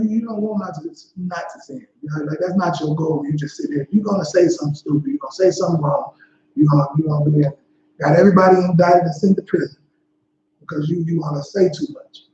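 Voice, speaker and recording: A man's voice: high voice, fairly even intonation, quick pace, mellow, a little hiss or hum. A man leading a Bible study in a laid-back, slangy way, often saying "you know what I'm saying.". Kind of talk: casual scripture teaching. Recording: dull echoey livestream audio.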